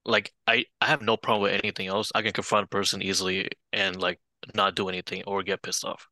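Male podcast co-host, lowish and sharply bright voice, quick agreeing interjections. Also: flat delivery, dry recording. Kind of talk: casual political podcast chat.

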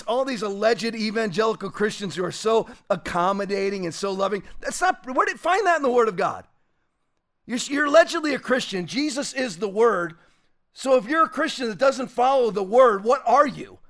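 Fiery pastor, high-pitched voice. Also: male voice. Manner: combative, shouting at times. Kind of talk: fiery sermon commentary.

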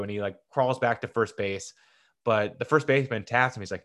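A young man giving casual, excitable commentary as a host, swinging between loud bursts and soft asides. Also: medium pitch, fairly quick. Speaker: host ranking sports movies.

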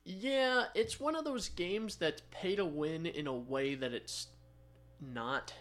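A man's voice: fairly high pitch, takes it slowly, fairly bright tone. A man co-hosting a casual podcast, talking in a chatty way. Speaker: podcast co-host. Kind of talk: casual chat.

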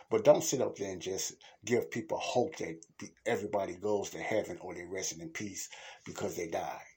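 Middle-aged male podcast host, husky low voice, blunt colloquial preaching style. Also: darkish tone. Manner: blunt, conversational, colloquial, repeats points for emphasis. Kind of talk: casual spoken preaching.

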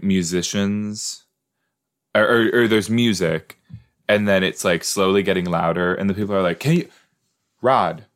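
Young male podcast host, deep and unhurried, rambling, jokey watch-along chatter. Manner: chatty, rambling, easily startled, playful asides. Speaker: podcast host reacting to an episode. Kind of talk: casual watch-along commentary.

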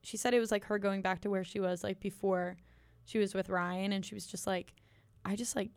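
A woman's voice: medium pitch, fairly even intonation, brisk, smooth, dry recording. A young woman from the United States co-hosting a podcast, chatting casually about an album with frequent ums, likes and giggles. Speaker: podcast co-host reviewing an album. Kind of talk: casual chat.

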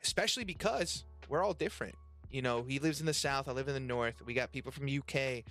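A man hosting a casual podcast chat, animated and profane, with lots of slang. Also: mid-range voice, fast talker, soft background music. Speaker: podcast host and restaurant worker. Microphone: webcam and desk mic.

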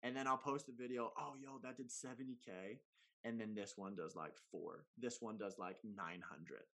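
A man who makes comedy videos, talking in a casual, slangy, animated way on a podcast, with big swings in pitch and loudness. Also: normal speed. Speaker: comedy content creator guest.

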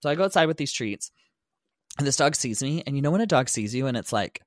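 A man's voice: mid-range voice, fast talker, no echo, studio quality. A young man co-hosting a podcast, telling a story in casual chat, swearing freely and acting out the lines of the people in it. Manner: animated, swearing, acts out quotes. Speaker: podcast co-host.

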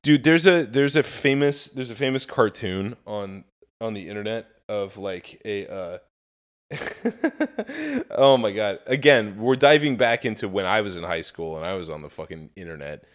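A man co-hosting a podcast, talking casually with lots of swearing and animated storytelling. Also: on the low side, measured pace. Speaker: podcast co-host. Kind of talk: casual chat.

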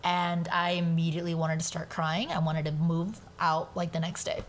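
A woman who speaks Spanish at home, a guest on a casual podcast, telling a family story in an animated way and swearing casually. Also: fairly low pitch, normal speed, a little hiss or hum. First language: bilingual, speaks Spanish at home.

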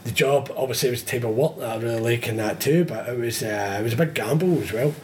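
A man's voice: medium pitch, fast, slight background noise. A young man in casual chat, swearing freely, laughing often and acting out phone calls. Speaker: metalwork business owner, guest.

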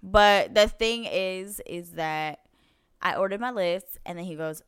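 Smooth-voiced woman telling a story. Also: fairly low pitch, a little slow, no echo, studio quality. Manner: animated storyteller who acts out quoted dialogue. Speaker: podcast co-host. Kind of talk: casual storytelling chat.

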